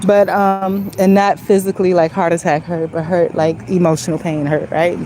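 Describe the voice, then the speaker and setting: A woman's voice: on the low side, little pitch movement, moderate pace, dark tone, slight background noise, poor audio. A woman talking to her viewers in a casual, rambling vlog while walking outside, earnest and emotional. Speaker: vlogger speaking to viewers. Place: outdoors on a street, walking.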